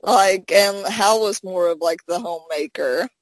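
A woman's voice: medium pitch, a little slow, no room sound, poor audio. A woman in casual conversation, retelling scenes with lots of fillers and acted-out quotes, talking over a phone. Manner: animated storytelling with many fillers, acting out quotes. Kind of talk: casual chat.

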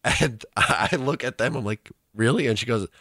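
A man's voice: medium pitch, moderate pace, bright, forceful tone, dry recording, studio quality. A young man co-hosting a casual chat, rambling through an anecdote and laughing as he tells it. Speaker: co-host, student radio reporter.

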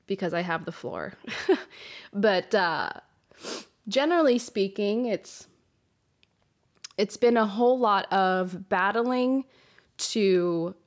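Frank, emotional woman podcast host. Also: medium pitch. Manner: frank and emotional, swears freely. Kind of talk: candid solo podcast monologue. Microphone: podcast microphone.

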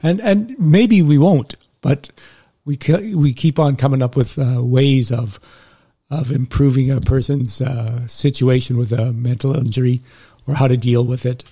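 Halting, gravelly male interviewer. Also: mid-range voice, steady tone, mellow. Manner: halting, repeats words. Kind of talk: interview questions.

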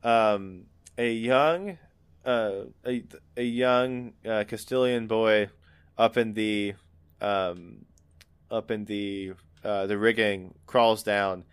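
A man narrating a tabletop role-playing game as game master, in a halting way with many fillers. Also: fairly low pitch, clear, resonant tone, no echo.

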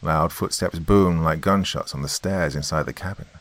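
A man with a very deep, low voice reads a first-person horror story. His delivery is tense and dramatic, and the sound is dry and close with no room echo. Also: moderate pace. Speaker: narrator.

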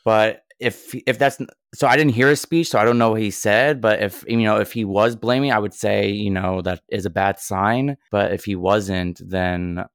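A laid-back man with a low, smooth, resonant voice chatting on a podcast, hesitant and quick to chuckle. His voice is close and dry, with no room sound. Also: fairly even intonation, dry recording. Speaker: podcast co-host. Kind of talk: casual chat.

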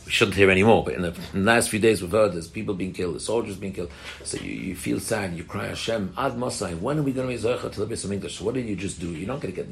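Brief: fast-talking middle-aged rabbi with a gravelly voice, earnest and repetitive. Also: male voice, low voice. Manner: earnest, repeats and restarts phrases, explains plainly. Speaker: rabbi giving a talk to women. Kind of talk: Torah talk with audience questions.

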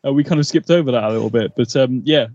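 A man of middling pitch rambles and laughs through a casual podcast chat. His mic sounds a little dull and muffled, and dry. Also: fast, no room sound. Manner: rambling, animated, laughs a lot. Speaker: podcast co-host. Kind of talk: casual episode recap chat.

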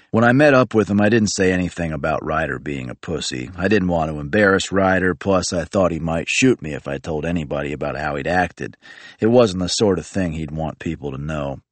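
Deep-voiced male audiobook reader, dry close sound, calm and plain. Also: no room sound. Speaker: audiobook narrator. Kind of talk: first-person audiobook narration.

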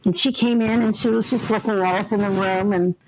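Her mid-range voice is darkish and fairly even in intonation, moving briskly over poor audio with slight background noise. She is an older woman, a ghost helper, telling earnest, vivid stories on an interview podcast and acting out their voices.

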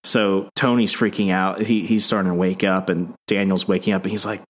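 A man's voice: low-pitched, fairly quick, few pauses. Man recapping a comic on a podcast. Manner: animated storytelling with acted-out voices. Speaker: podcast co-host. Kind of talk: casual comic book recap.

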